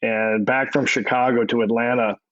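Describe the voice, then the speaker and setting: A man's voice: medium pitch, fairly even intonation, moderate pace, fairly bright tone, no room sound, dull audio. A middle-aged man, a podcast guest, telling anecdotes in a loose, rambling way, restarting and repeating his words often. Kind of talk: casual interview storytelling.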